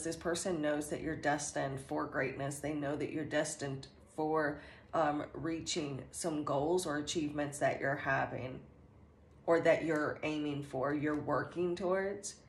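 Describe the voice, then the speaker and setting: A woman giving a channeled tarot reading in a slow, earnest way, meandering with many fillers and restarts. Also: sits low, a little hiss or hum. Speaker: tarot reader. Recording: echoey room with faint ambience.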